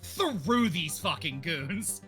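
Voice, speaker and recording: Lively, bright-voiced tabletop player. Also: medium pitch, extremely slow, soft background music. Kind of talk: casual chat while playing a tabletop game.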